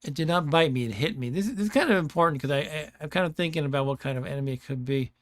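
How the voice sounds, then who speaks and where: A man's voice: on the high side, very fast, a bit bright, no room sound. A man giving casual let's-play commentary, thinking aloud and laughing often, with keyboard clicks behind him. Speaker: gameplay streamer.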